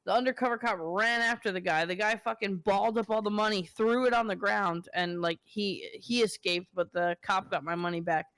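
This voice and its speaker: A man's voice: high-pitched, fairly even intonation, brisk, few pauses, a bit bright, smooth. A young man from the New York area hosting a podcast, telling stories in a loose, profane way full of fillers. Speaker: podcast host. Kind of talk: casual podcast chat.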